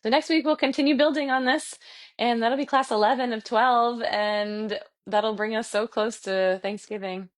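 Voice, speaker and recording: A woman's voice: fairly high pitch, fairly even intonation, normal speed. A young woman wrapping up a live online fitness class, effusive and emotional, reading out comments from attendees. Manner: warm, effusive and gushing, reads chat comments aloud. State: emotional, tearing up. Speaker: fitness instructor. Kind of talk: live virtual class wrap-up.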